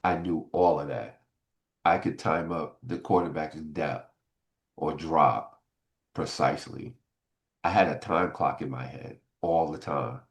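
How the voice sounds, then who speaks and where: A man's voice: rumbling low, unhurried. A man in his sixties, a former pro football player, telling stories in an interview and acting out old conversations. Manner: animated, acts out old conversations. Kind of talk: casual interview storytelling.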